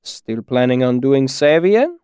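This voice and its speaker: A man voicing a genial middle-aged innkeeper who talks slowly and easily in an audiobook. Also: mid-range voice, sing-song, dark tone, clear, resonant tone, no room sound, studio quality.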